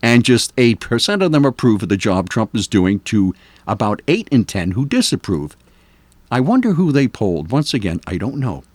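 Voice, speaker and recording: A man's voice: mid-range voice, very animated, normal speed, dry recording. An older man hosting a local morning radio show, talking in a casual, opinionated way with many ums and uhs. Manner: chatty, opinionated, hesitant with many fillers. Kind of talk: casual talk radio commentary. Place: radio studio.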